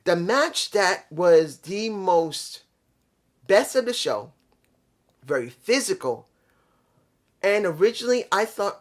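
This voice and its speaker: A man from New York rants through a wrestling review. He talks bluntly and swears freely. His pitch swings up and down as he speaks to his subscribers. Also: big pitch swings, slow, pauses often. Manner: blunt, profane, frustrated, addresses subscribers. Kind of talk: ranting casual review.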